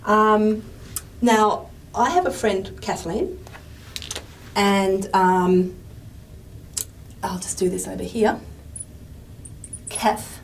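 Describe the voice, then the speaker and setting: A woman lecturer explaining at a whiteboard in a chatty way, often checking in with "okay?" and filling pauses with "um". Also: medium pitch. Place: classroom. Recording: voice from a distance with faint room noise.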